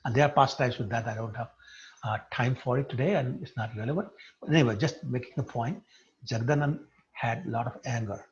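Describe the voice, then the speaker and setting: A religious teacher delivers a devotional lecture, retelling a sacred story with animation and putting questions to his listeners. His medium-pitched voice moves a little fast, and the recording sounds dull and lo-fi.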